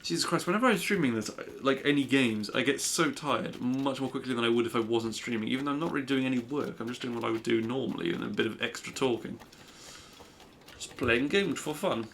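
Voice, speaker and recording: A young man chatting casually while he plays a game on stream. He rambles from topic to topic and pokes fun at himself, speaking at an ordinary pitch into a desk microphone. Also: a little fast, vocal fry, fairly bright tone, slight background noise. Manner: rambling, self-deprecating. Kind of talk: casual gameplay commentary.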